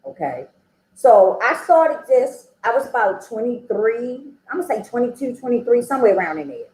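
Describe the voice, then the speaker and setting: Lively woman telling her recovery story. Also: a little high, normal speed, echoey room, slight background noise, low-quality recording. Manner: chatty storytelling, acting out quoted dialogue, frequent "okay?" and "you know?". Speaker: recovery meeting speaker. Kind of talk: personal recovery testimony.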